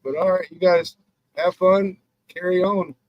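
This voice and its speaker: Man guest, high voice, relaxed, short laid-back lines. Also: a little slow, dry recording, highs cut off. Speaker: stream guest.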